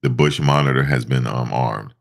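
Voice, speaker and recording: A stuffed-up man putting on a slow, solemn voice of a deep robot leader making an announcement. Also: gravelly.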